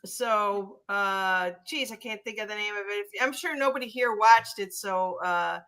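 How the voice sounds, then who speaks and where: A woman hosting a casual chat, pausing often and searching for words. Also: mid-range voice, a bit bright, clean tone. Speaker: host.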